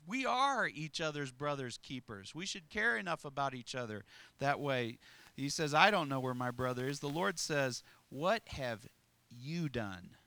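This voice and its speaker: Male preacher, fairly high and tense, dry close sound, emphatic sermon with rhetorical questions. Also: sharp tone, clear, resonant tone, no echo. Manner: emphatic, rhetorical questions, chuckles between points.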